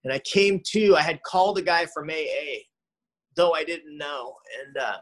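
A man's voice: fairly high pitch, normal speed, rough recording. Earnest man telling his recovery story. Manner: earnest, conversational, with frequent "man" and "you know". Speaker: speaker sharing a recovery story. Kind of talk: recovery talk testimony.

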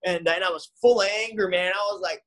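A man's voice: high voice, a little fast, fairly bright tone, rough recording. A man sharing his own recovery story in a conversational way, often adding "man" and "you know". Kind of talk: recovery talk testimony.

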